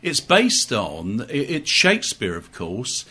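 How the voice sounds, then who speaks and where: A man with a bright, forceful voice talks casually as a guest in a radio studio. He is chatty and often stops and restarts mid-sentence, with a middle-pitched voice, close on a studio microphone. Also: huge pitch swings, takes it slowly, husky. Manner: chatty, with frequent restarts and fillers. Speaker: guest, amateur operatic society member.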